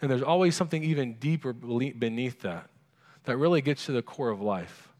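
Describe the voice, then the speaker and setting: A man's voice: medium pitch, brisk, darkish tone, big-room sound. A pastor preaching a sermon in a conversational way, asking his congregation questions.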